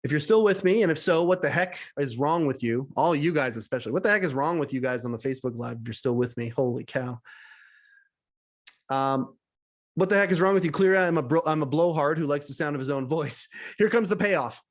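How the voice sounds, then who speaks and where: A man's voice: fairly high pitch, animated, a little fast. A man hosting a podcast, reading aloud his own written story, often chuckling between sentences and getting emotional. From Canada. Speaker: podcast host.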